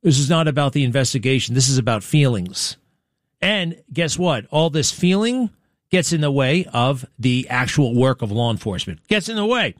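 A man's voice: mid-range voice, animated, normal speed, no room sound, clean studio sound. A man hosting talk radio, giving indignant, combative commentary full of rhetorical questions.

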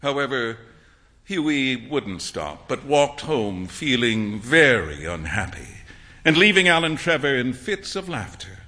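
A man reading a story aloud in an expressive, animated way. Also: mid-range voice, unhurried, long reverb tail. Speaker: narrator.

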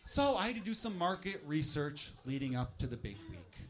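A high-voiced man performing stand-up. He builds loud, mocking rants inside his bits. The recording carries steady background noise. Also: moderate pace. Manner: animated, shouting into mocking quoted rants. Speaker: stand-up comedian. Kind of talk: stand-up comedy set.

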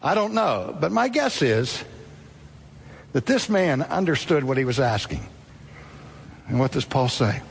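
A man preaching a sermon, telling a story dramatically and slowing down or speeding up for effect. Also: mid-range voice, very animated, vocal fry, slight background noise. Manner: dramatic storytelling, acting out quotes, sudden shifts of pace. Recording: long reverb of a large hall.

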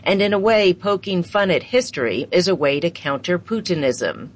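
Lady reporter reading a radio news piece, steady and measured. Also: lowish voice. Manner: measured scripted delivery. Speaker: news correspondent.

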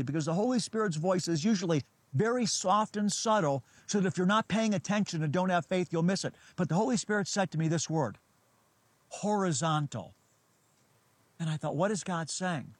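A man preaching a sermon in an earnest, emphatic way, slowing down and repeating phrases for weight. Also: high voice, dry recording. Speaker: rabbi and TV preacher.

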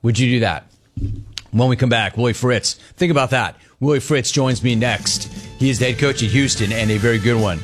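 A man's voice: medium pitch, normal speed, faint music behind. A man in his fifties hosting a sports talk radio show, telling stories in a wry, conversational monologue. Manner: animated storyteller, wry and conversational.

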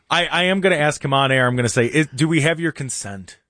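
A man's voice: fairly high pitch, a little fast, sharp tone, no room sound. A man hosting a morning talk radio show, chatty and laughing often, now and then mimicking other voices.

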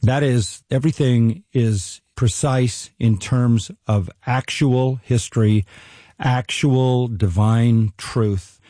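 Rich: An older man teaching on the Bible in a radio interview, earnest and measured, often restarting his phrases. His voice is warm and mellow, recorded close and dry. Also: medium pitch, fairly even intonation, no room sound.

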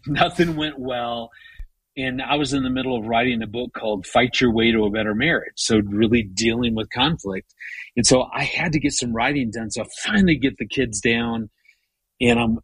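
A man's voice: mid-range voice, a bit bright, husky, no echo, poor audio. A man in his fifties, a guest on an interview show, telling stories about his marriage in a conversational way and often repeating words as he goes. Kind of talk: conversational storytelling.

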